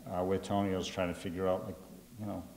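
A low-voiced man with a thick Boston accent talks earnestly, often starting over mid-sentence. His voice trails off into a long hall reverb. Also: little pitch movement, brisk, a little mellow, a little hiss or hum. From Greater Boston. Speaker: author. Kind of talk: reflective interview and address to students.

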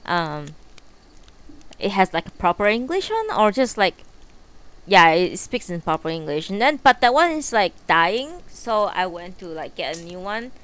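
A woman's voice: medium pitch, big pitch swings, measured pace, fairly bright tone. A woman live streamer chatting casually from her bedroom before a book reading, rambling and swearing freely with lots of fillers. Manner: rambling and profane, with many fillers.

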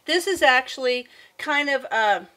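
A woman's voice: sits high, animated, measured pace, bright, forceful tone. A woman hosting her own cooking channel, chatting in a friendly way as she explains each step of a recipe in her home kitchen. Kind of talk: casual cooking demonstration.

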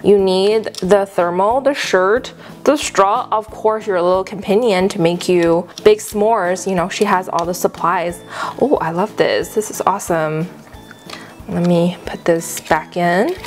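A woman hosting an unboxing video, gushing excitedly with frequent gasps and exclamations. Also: mid-range voice. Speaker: unboxing channel host. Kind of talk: casual unboxing review.

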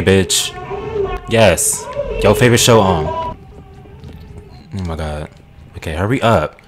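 Low-voiced excitable gamer man. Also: takes it slowly, pauses often. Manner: excitable, swears a lot, talks to the screen. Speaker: gaming channel host. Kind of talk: let's play commentary. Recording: game music behind the voice. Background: game music.

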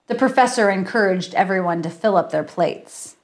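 A woman's voice: medium pitch, moderate pace, hardly any pauses. A woman author reading her mystery story aloud on a livestream and chatting with viewers. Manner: chatty, laughs at herself.

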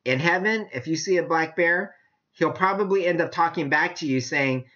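A man preaching a casual sermon, animated and chatty, often laughing as he talks. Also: a little high, moderate pace. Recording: dull lo-fi sound.

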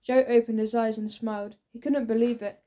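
A woman narrating a children's audiobook with lively storytelling. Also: a little high, a little fast. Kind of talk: scripted narration.

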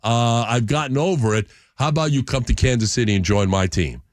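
A man's voice: mid-range voice, brisk, no echo, clean studio sound, natural voice. A man doing a cocky star quarterback. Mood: boastful. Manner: boastful, persuasive.

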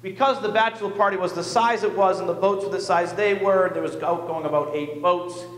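Pastor telling a lively story, echoey church. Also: male voice, sits high, a little fast. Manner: animated, self-mocking storyteller. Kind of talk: storytelling sermon. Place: church sanctuary.

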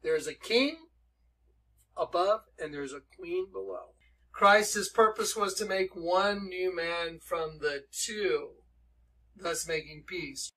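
A man teaching from the Bible in an emphatic preaching style, reading verses aloud slowly. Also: high-pitched, pushed and bright, poor audio.

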